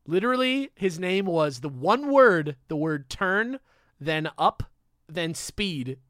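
A young man hosting a podcast, telling a story in a casual, animated way with jokey asides and swearing. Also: high-pitched, takes it slowly, no echo, clean studio sound. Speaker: podcast host.

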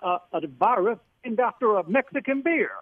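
A man's voice: sits high, expressive, normal speed, no room sound. A man doing a grave older actor impression over phone. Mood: wry. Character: impression of a famous deep-voiced older male actor. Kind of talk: comedic impression. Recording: muffled phone line.

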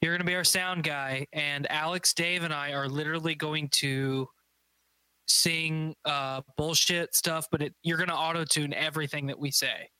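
Male podcast co-host, bright clear voice, rambling jokey storyteller. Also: fairly high pitch, fairly even intonation, normal speed, dry recording. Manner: joking, rambling, does goofy voices. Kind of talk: casual banter.

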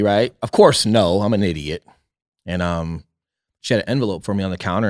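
Deep-voiced man telling a candid story. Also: moderate pace, no echo, clean studio sound. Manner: candid, profane, earnest. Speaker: podcast guest, realtor. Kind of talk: casual storytelling on a podcast.

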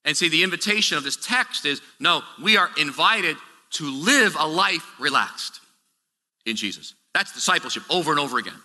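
A middle-aged man gives an animated, conversational sermon, often restarting and going off on asides. His bright, lively voice swings high and low. It rings through a large hall with a long tail of reverb. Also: moderate pace. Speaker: pastor.

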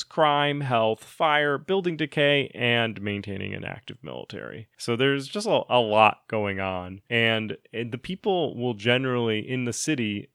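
A man's voice: mid-range voice, fairly bright tone, dry recording, studio quality. A man chatting casually about old video games, talking in a loose way with lots of restarts. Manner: chatty, many restarts and fillers.

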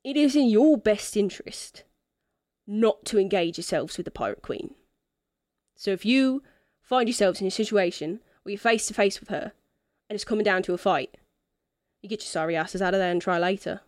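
A woman's voice: medium pitch, a little mellow, no room sound, clean studio sound, natural voice. Woman doing a drunk drawling tavern schemer. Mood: warning. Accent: put-on accent, not her own. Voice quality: drawling, unhurried, teasing. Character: drunk laid-back male tavern schemer.

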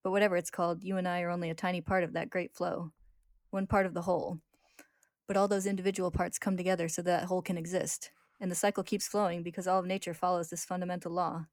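A woman's voice: lowish voice, level tone, fast talker, darkish tone, dry recording, studio quality, close to an everyday voice. A woman reading the lines of a determined teenage boy alchemist in a recap, in an earnest, dramatic way. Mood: reflective.

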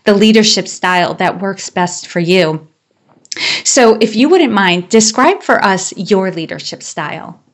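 A woman's voice: medium pitch, animated, unhurried. A woman hosting an interview podcast, asking questions in an encouraging, conversational way. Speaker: podcast host.

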